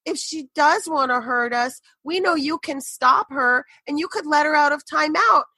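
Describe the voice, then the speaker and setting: A tiny girl prays earnestly and pleads in a high, sing-song child's voice, as a woman puts her on. The voice sits far above the speaker's own, bright and forceful, in a dry, close recording. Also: moderate pace, dry recording. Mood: pleading. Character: little girl praying earnestly for her mother.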